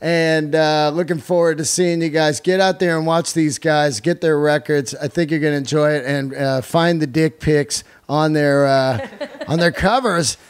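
An excitable male podcast host rambles through a casual interview. His voice sits a little high. He swears freely and gushes about his guests. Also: moderate pace, clear, resonant tone.

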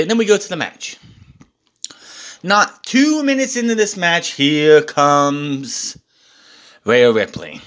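A man's voice: mid-range voice, bright, forceful tone. A man recapping a wrestling show in a casual, exasperated rant, swearing often.

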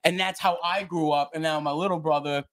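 A man co-hosting a podcast, chiming in quickly with blunt remarks and frequent laughs. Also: a little high, steady tone, fairly bright tone, no room sound. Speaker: podcast co-host. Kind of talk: casual podcast chat.

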